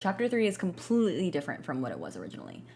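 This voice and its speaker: A woman's voice: lowish voice, huge pitch swings, racing, gravelly, a little mellow. Giggly, rambling young woman streamer. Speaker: gaming streamer. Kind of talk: casual live-stream chat while gaming.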